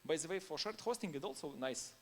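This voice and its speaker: A man's voice: on the high side, expressive, quick pace, a little hiss or hum. A man giving a conference talk in non-native English, informal and anecdotal, laughing now and then between points. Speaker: conference speaker.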